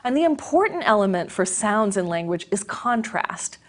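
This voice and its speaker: A woman giving a scripted educational lecture, explaining in a clear, measured way. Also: medium pitch, big pitch swings.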